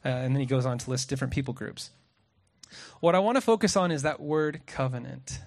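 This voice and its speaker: A man preaching a sermon outdoors at sunset, lively and joking, often asking the crowd questions and reading scripture aloud. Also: mid-range voice, fairly quick, gravelly.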